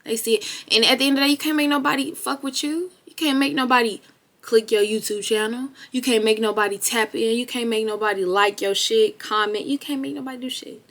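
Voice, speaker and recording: A young female vlogger looks into the lens and gives a blunt pep talk laced with swearing, building her animated delivery into loud outbursts. She speaks a little high and fairly quickly.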